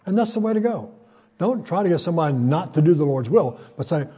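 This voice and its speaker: Older preacher with a husky, mellow voice. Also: male voice, a little high, animated, quick pace. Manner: folksy, conversational, frequent hesitations; voice rises when quoting scripture. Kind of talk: sermon.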